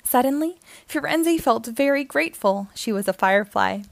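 A woman reading a children's picture book aloud, telling the story in a gentle, expressive way. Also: high voice, moderate pace, vocal fry, dry recording.

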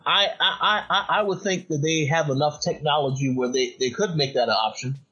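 Husky man on a dull lo-fi line. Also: fairly high pitch, fairly quick, sharp tone, soft background music. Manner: stammers on repeated words, hedging. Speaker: podcast host. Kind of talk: casual podcast chat.

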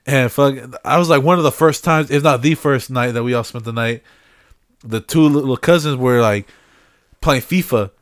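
A man's voice: medium pitch, normal speed, no room sound, studio quality. A young man from the Bay Area co-hosting a podcast, telling childhood stories in casual slang between bursts of laughter. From San Francisco Bay Area. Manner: laughing storyteller, heavy slang and swearing. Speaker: podcast co-host. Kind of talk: casual chat.

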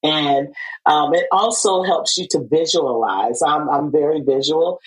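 A woman hosting a podcast, chatting in a casual interview with an animated, laughing manner and many fillers and restarts. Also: deep voice, a little slow, low-quality recording. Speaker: podcast host.

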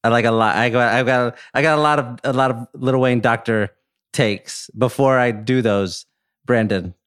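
Excitable man laughing through a chat. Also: medium pitch, normal speed, smooth. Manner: excitable, laughs often, imitates sound effects. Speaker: podcast co-host. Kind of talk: casual chat.

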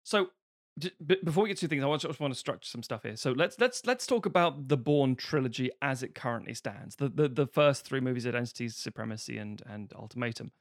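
An animated man from the UK co-hosts a casual film podcast, dropping into comic bits and swearing freely. His voice sits at an everyday middle pitch and comes across dry and close to the mic. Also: brisk, dry recording. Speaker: podcast co-host.

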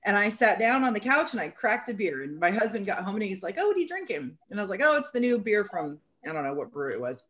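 A woman co-hosting a casual conversation, candidly telling personal stories and acting out what people said. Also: lowish voice. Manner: candid, storytelling, acts out quotes.

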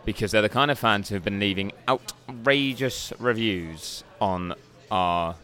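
A man's voice: on the low side, a little slow, sharp tone. A man co-hosting a podcast from a bar, wry and rambling as he tells a story in casual banter. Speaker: podcast co-host.

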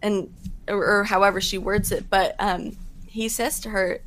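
A woman's voice: mid-range voice, fairly even intonation, a bit bright, slight background noise. Earnest woman sharing her faith. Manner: earnest, fast-talking with fillers. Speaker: podcast guest. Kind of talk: faith talk, casual testimony.

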